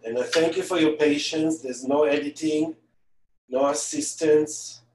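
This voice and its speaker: A man's voice: a little high, fairly even intonation, measured pace, a little mellow, a little hiss or hum. Male celebrity chef demoing a cake live from his home kitchen, chatty and joking, heard from a distance. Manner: chatty, joking asides while working. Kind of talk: live online baking demonstration. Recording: echoey kitchen, distant mic.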